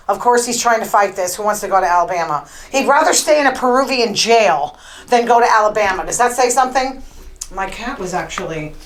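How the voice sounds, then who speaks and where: A middle-aged woman talks through her podcast in a rambling, casual way. She is opinionated and leans on plenty of ums and likes. Her voice sits in an ordinary middle pitch. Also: low-quality recording. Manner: chatty, rambling, opinionated with filler words. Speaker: podcast host. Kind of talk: casual solo commentary.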